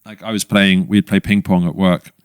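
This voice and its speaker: A man's voice: low-pitched, level tone, normal speed, clean tone, no echo, studio quality. A young adult man with an English accent, a podcast guest telling self-mocking stories in casual chat. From England. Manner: anecdotal, self-mocking storytelling.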